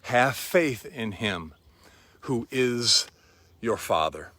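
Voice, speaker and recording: A man preaching a sermon in a slow, reflective and quietly earnest way. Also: mid-range voice, lively intonation, no room sound.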